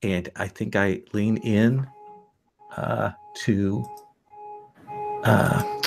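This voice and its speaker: A man's voice: on the low side, very slow, creaky, faint music behind. A man playing a tabletop game, describing his character's farewell in a hesitant way. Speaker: player. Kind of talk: casual tabletop play.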